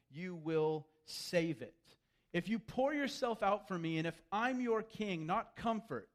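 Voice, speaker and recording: Male pastor, high voice, animated sermon delivery. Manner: animated, acts out quoted voices.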